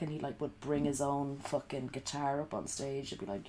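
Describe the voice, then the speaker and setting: A woman's voice: extremely low pitch, steady tone, moderate pace, gravelly, hardly any pauses, warm tone, a little hiss or hum. A woman streaming from home at night while sick and coughing, rambling in sweary, sarcastic casual chat. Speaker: livestreamer.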